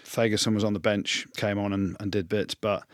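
A man from England with a lowish voice, recorded dry and close. He analyses rugby earnestly and with emphasis, then turns to joking and teasing his co-host. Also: little pitch movement, a little fast, no echo. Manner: earnest, emphatic analyst who jokes and teases. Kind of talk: casual sports analysis.

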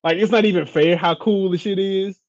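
A man co-hosting a podcast in casual chat, slangy and quick, with a deadpan way of telling stories. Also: high voice, dull audio. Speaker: podcast co-host.

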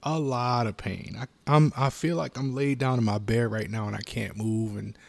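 A shaken, confused man talks haltingly, repeats himself and often drops into unvoiced whispers as he confides what he is going through. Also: medium pitch, fairly even intonation, gravelly, a little mellow, dry recording. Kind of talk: distressed personal confession.

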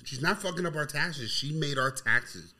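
A man's voice: fairly high pitch, moderate pace, pushed and bright. A man co-hosting a podcast, telling laid-back stories and swearing freely in casual chat. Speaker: podcast co-host.

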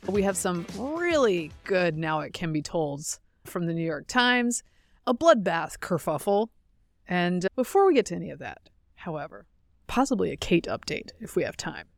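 A chatty American woman hosts a podcast from a dry, close-miked studio, her voice sitting a little low for a woman. She talks casually and laughs easily, with light music faintly under her. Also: very animated, moderate pace, creaky, no echo. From North Carolina and Georgia, USA. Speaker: podcast host. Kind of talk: casual chat.

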